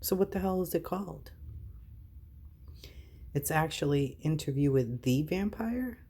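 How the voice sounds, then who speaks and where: A woman's voice: deep voice, measured pace, slightly rough. A woman vlogging casually, reading items aloud and reacting with exasperated disbelief. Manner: incredulous, exasperated, animated reactions.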